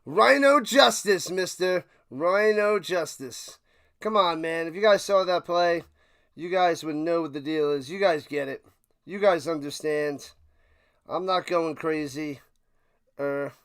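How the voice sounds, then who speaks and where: High-voiced excitable man ranting over football. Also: measured pace. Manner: excitable, swings from ranting shouts to low mutters; repeats himself while ranting. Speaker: watch party streamer. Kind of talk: live play-by-play and reaction commentary.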